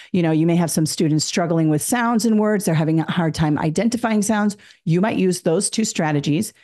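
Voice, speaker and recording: A woman with a slightly low voice gives a test prep lesson. She explains each point step by step and acts out the prompts a teacher would give a class. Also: dark tone.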